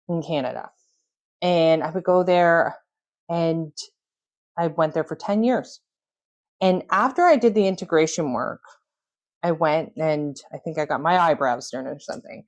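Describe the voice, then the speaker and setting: A woman's voice: fairly low pitch, darkish tone. A woman hosting a podcast, talking earnestly in a reflective, storytelling way. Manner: earnest, storytelling with self-coaching tone. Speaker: podcast host. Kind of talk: reflective solo podcast talk.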